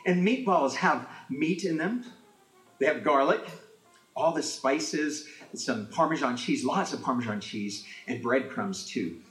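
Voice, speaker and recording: A man from an Italian-American family telling comic stories in an animated way, acting out voices as he goes. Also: mid-range voice, a little slow, echoey room, soft background music, low-quality recording. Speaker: storyteller. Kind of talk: comic storytelling.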